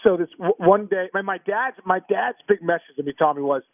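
Male guest, high voice, phone-line quality, eager stammering storyteller. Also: brisk, no echo. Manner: animated, restarts and stammers, laughs through stories. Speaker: guest, former pro ballplayer. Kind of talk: casual storytelling interview. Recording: tinny phone-line sound, dry.

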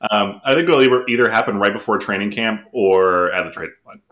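A man co-hosting a casual podcast, with a dry, deadpan sense of humor. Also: fairly low pitch, fairly quick. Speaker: podcast co-host.

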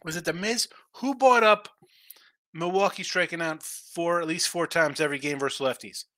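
A man's voice: on the high side, brisk, pushed and bright, no room sound, studio quality. A man hosting a live sports betting show, chatting casually through the day's games and reading viewer comments, thinking aloud and answering his own questions.

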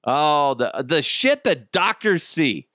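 A man riffs loosely on strange headlines, laughing and swearing as he goes. His pitch swings up and down a lot, and the close mic sounds dry. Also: big pitch swings, slow, sharp tone, dry recording. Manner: laughing, joking, profane. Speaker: podcast host. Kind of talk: casual comedic commentary.

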